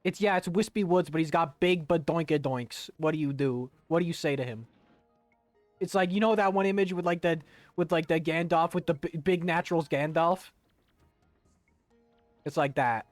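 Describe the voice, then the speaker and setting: A man's voice: a little high, normal speed, no echo, faint music behind. A young man chatting loosely while playing a video game on stream, joking and rambling. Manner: rambling and jokey, breaking into silly voices. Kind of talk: casual let's-play commentary.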